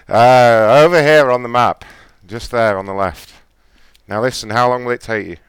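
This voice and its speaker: A man hosting a show and making prank calls, deadpan and provocative, laughing often. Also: medium pitch, a little slow, clear, resonant tone, no room sound. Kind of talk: casual prank-call banter.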